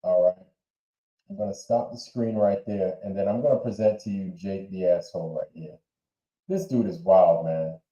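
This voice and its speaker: A man's voice: deep voice, fairly even intonation, moderate pace, mellow, echoey room, dull audio. A man hosting a livestream, chatting casually and repeating himself as he reacts to clips. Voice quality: rambling and repetitive. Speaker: livestream host.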